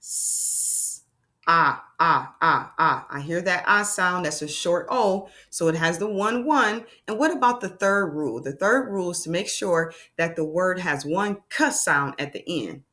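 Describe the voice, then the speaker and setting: A woman teaching young children a phonics lesson, sounding out letters slowly and with exaggerated emphasis. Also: on the low side, expressive, a bit bright.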